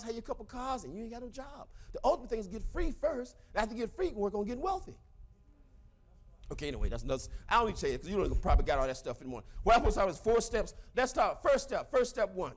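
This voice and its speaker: Fast, high-voiced Southern man preaching success. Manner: emphatic, repetitive, bursts into shouting. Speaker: seminar speaker. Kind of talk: motivational seminar talk.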